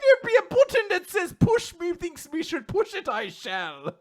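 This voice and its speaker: Man doing a shrill stage-Irish space captain. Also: wildly swooping pitch, moderate pace, exaggerated voice. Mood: boastful. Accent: put-on stage Irish. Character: brash stereotypical Irish male space sea captain.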